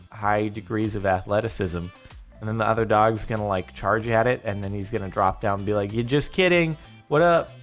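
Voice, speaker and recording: A man hosting a casual video reaction, chatty and quick to laugh. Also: lowish voice, a bit bright. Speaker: YouTube host.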